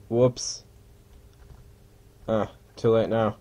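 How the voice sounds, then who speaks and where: Slow, lively-toned man muttering over gameplay. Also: mid-range voice. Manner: rambling, self-mocking muttering to himself; drops into mock pilot announcements. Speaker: gamer playing a flight simulator. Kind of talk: casual gameplay commentary.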